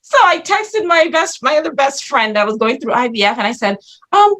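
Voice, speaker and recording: A woman's voice: high voice, brisk. A woman in her forties telling a personal story candidly, swearing freely and acting out her own reactions. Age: 40s. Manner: profane, animated, acts out her own reactions. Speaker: podcast guest.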